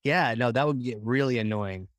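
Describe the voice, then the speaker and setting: A man's voice: medium pitch, moderate pace, no echo, clean studio sound. A man hosting a podcast, asking questions in an easygoing, jokey way. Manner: easygoing, jokey, laughs along. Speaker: podcast host. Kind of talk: casual podcast interview.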